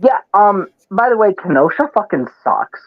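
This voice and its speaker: A man's voice: sits high, big pitch swings, moderate pace, narrow, tinny audio. A man from Wisconsin with a Wisconsin accent, ranting in casual, profane chat.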